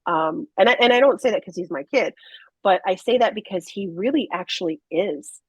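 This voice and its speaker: A woman's voice: medium pitch, animated, brisk, husky, dry recording. Earnest woman guest, dull dry sound. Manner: earnest and emphatic, with frequent restarts. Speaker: podcast guest. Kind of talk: candid conversational storytelling.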